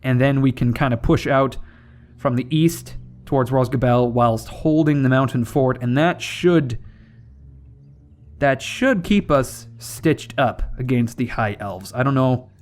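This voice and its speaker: A man's voice: medium pitch, measured pace. Young man, gaming host, casual strategy commentary, rambling, profane, trips over words. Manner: rambling and profane, with self-corrections.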